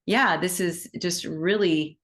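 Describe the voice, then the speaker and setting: A woman hosting an animal Reiki session over a video call, telling stories in a gentle, enthusiastic way with many "right?" asides. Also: fairly low pitch, takes it slowly. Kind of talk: casual teaching chat on a video call.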